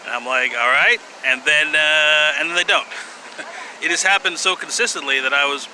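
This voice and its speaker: A man with a somewhat high voice vlogs in a loose, meandering monologue, stopping often for fillers and sighs and letting out dry chuckles. He is recorded outside, and passing cars and urban noise are plainly heard behind him. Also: normal speed. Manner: rambling and hesitant, many fillers and sighs, wry laughs. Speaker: vlogger. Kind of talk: casual monologue to camera. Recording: outdoor street noise behind.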